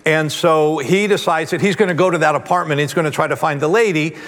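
A man's voice: a little high, steady tone, fast, a bit bright, long reverb tail. A man preaching a sermon, telling a story animatedly with quoted voices. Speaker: pastor.

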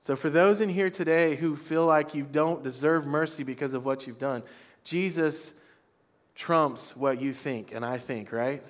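A man preaching a sermon to a congregation, leading call-and-response lines. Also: mid-range voice. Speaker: pastor. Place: church before a congregation.

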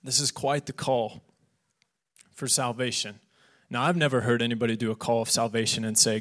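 A young man, a youth pastor, preaching an earnest, animated sermon and acting out the voices he quotes. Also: medium pitch, brisk. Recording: podcast of a live church sermon.

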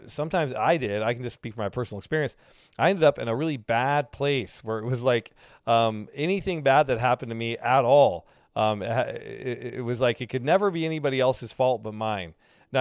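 Smooth-voiced conversational male pastor. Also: medium pitch, no echo, clean studio sound. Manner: conversational, self-correcting, with frequent fillers. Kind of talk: casual sermon teaching.

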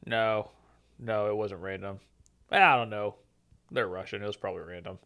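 A man's voice: on the low side, steady tone, normal speed, a bit bright. A man hosting a casual podcast, joking and sarcastic as he chats. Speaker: podcast host and immigration lawyer.

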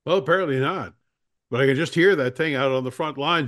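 A man's voice: a little high, fairly quick, fairly bright tone. A man hosting a talk show, chatting casually about politics with wry jokes. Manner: wry, joking.

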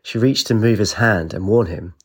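Low-voiced audiobook narrator. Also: male voice, moderate pace, husky. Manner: steady storytelling.

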